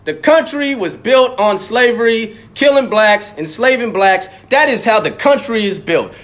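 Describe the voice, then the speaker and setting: A man's voice: extremely high pitch, animated, a little slow, a bit bright. A man giving a heated, profane monologue, repeating lines for emphasis and mocking imagined critics. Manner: mocks imagined critics in sudden voices. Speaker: rapper speaking out. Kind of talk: impassioned monologue.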